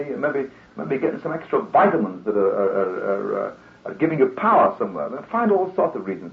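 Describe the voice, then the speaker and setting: A male preacher giving a sermon in an earnest, conversational way, now and then acting out the voices of the people he quotes. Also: lowish voice. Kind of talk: radio sermon. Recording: roomy, tinny old radio broadcast.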